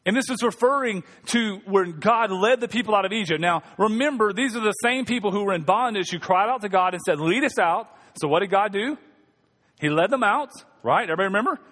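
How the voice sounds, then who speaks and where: A man's voice: high-pitched, lively intonation, fast talker, a bit bright, big-room sound. A male pastor preaching a sermon in a conversational, humorous way, calling on the congregation to respond. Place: church sanctuary.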